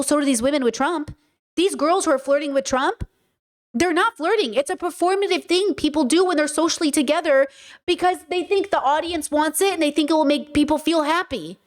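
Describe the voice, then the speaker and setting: A woman streamer reacting to a clip in casual commentary, emphatic and repetitive, often acting out quotes. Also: sits high. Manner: emphatic, repeats points, quotes others in put-on voices.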